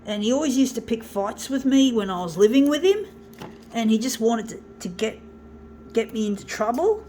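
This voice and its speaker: A woman's voice: a little high, lively intonation, mellow, a little hiss or hum. Blunt, profane woman. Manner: blunt, swears freely, halting restarts. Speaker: vlogger. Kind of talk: casual monologue to camera.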